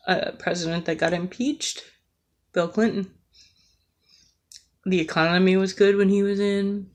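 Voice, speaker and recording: A woman's voice: on the low side, level tone, unhurried. A woman from the United States delivering an earnest, emotional rant, with frequent hesitations and fillers as she talks. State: emotional, near tears. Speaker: vlogger.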